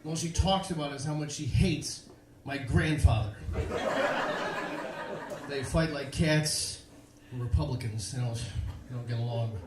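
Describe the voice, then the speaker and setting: A young man performing a stand-up comedy set on a club stage, delivering deadpan stories with punchlines. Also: mid-range voice, slight background noise. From Chicago, USA. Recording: echoey live club room.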